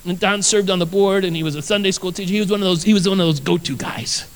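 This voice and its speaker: A man's voice: sits high, fast talker, in a large hall, low-quality recording. A man, a pastor, preaching a sermon. He tells personal stories earnestly and with energy, and he repeats his phrases for emphasis.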